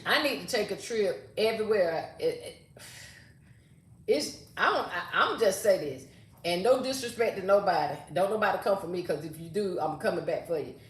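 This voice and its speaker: A woman's voice: mid-range voice, lively intonation, moderate pace. An older woman, hosting a casual live stream and chatting sassily with viewers, reading their comments aloud. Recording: roomy echo.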